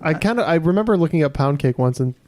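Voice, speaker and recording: A man on a trivia podcast calmly explaining how he reasoned out his answers. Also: on the high side, quick pace. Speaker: trivia contestant. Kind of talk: casual podcast chat.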